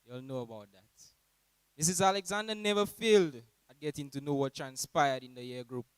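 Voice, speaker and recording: A young man in his late teens with a Saint Lucian accent, giving an animated, humorous graduation speech about his teachers. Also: fairly quick, smooth, dry recording, low-quality recording. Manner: animated, mimics teachers in high voices.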